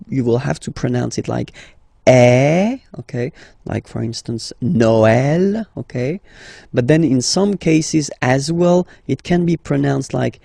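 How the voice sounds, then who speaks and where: A man's voice: mid-range voice, creaky, dark tone, husky, no echo, studio quality. A man teaching a language lesson, patient and repetitive, checking in with "okay?" after each point. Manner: patient, repeats words slowly and checks with "okay?". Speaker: French teacher.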